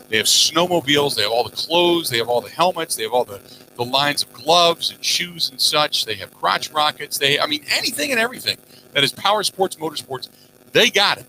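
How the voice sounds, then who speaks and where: Man, sports radio host, very bright tone, faint background noise, lively and rambling. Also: a little high, a little fast, low-quality recording. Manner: animated, reads listener messages aloud, rambling asides. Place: outdoors at a golf course.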